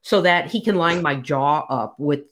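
A woman with a low voice, speaking at a moderate pace, co-hosts a casual book podcast. She's an animated storyteller who acts out the dialogue.

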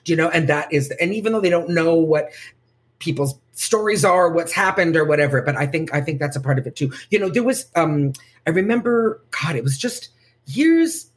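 A woman stand-up comedian chatting as a podcast guest, animated and often acting out other people's voices. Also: deep voice, a little fast, slightly rough. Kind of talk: casual podcast chat.

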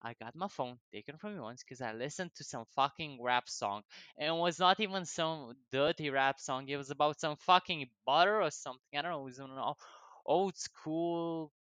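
A man's voice: a little high, normal speed, a bit bright, clear, resonant tone, no echo. Profane, laughing young man rambling. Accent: non-native English. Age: young adult. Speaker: vlogger. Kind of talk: rambling casual storytelling.

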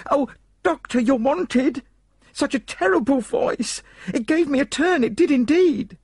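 Miss Ryder, a man doing a shrill flustered housekeeper. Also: lively intonation, a little slow, a little mellow, no echo, studio quality, heavily acted. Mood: frantic. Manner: falsetto, frantic and gushing.

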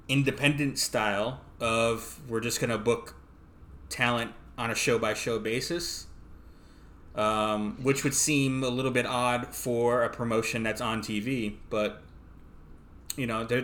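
A man co-hosts a wrestling podcast from home in a relaxed, casual chat. His voice is bright and forward, pitched in the middle range. He hedges and pauses often, filling gaps with little fillers. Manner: easygoing, hesitant, lots of fillers. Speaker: podcast co-host. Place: apartment.

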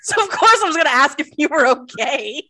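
Bright, giggly woman podcast host. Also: sits high, big pitch swings, brisk, slight background noise. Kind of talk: casual podcast interview.

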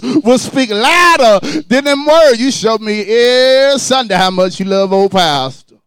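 A male pastor preaches in call-and-response style, his high voice leaping wildly between shouts and hushed asides. The sound is dry and close, with no room around it. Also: animated, normal speed, clean tone, dry recording. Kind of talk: sermon.

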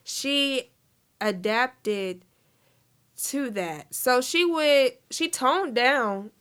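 Young woman co-host, animated chat. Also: high voice, very slow, clear, resonant tone. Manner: animated storytelling with quoted voices. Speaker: podcast co-host. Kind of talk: casual chat.

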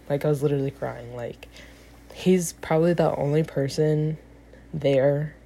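A woman's voice: low-pitched, mellow. A young woman in her late teens, a student with a part-time job, rambling casually to the camera, full of fillers and self-deprecating asides.

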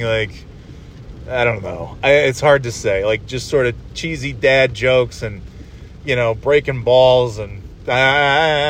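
Rambling, profane man talking while driving. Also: medium pitch. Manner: rambling, profane, full of fillers. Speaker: podcast host. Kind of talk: casual solo monologue while driving. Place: inside a moving car. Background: faint vehicle hum.

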